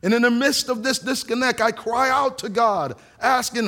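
A man who is a pastor, preaching a sermon with earnest rhetorical questions and reading scripture aloud slowly for emphasis. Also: extremely high pitch, sharp tone.

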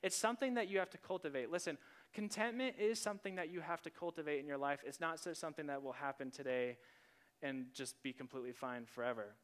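A man preaching a sermon as a pastor, in an earnest, animated, conversational way, often starting with "listen". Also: on the high side, fast.

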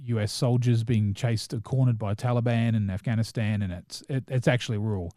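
A man's voice: fairly low pitch, steady tone, a little fast, mellow, no room sound, clean studio sound. New Zealand man chatting about films. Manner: rambling, full of restarts and fillers, enthusiastic. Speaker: podcast co-host. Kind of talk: casual chat reviewing films and shows.

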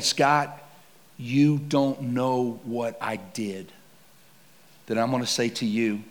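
A man preaching a casual, slangy sermon that builds to shouts. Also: mid-range voice. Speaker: pastor.

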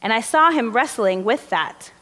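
A woman's voice: a little high, normal speed. A woman pastor preaching a sermon, telling stories in a conversational way with casual fillers. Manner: conversational storytelling, relaxed fillers. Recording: long hall reverb.

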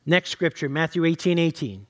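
A man's voice: on the high side, animated, moderate pace. A male pastor preaching a sermon, reading scripture and teaching in an earnest, direct way.

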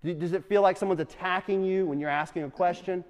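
A young adult man teaching a class, an animated storyteller who keeps asking the room questions. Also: high voice, fast. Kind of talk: lively classroom talk with questions to students. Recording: long reverb in a hall.

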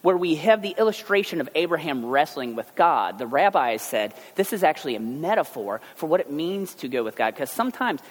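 A male pastor giving a conversational sermon, animated and joking as he talks to the congregation. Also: fairly high pitch, brisk, few pauses, slightly rough. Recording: long hall reverb.

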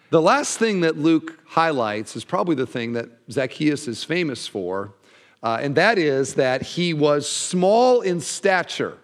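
A man preaching a sermon as pastor, animated, his voice often dropping low at the ends of phrases. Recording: long hall reverb.

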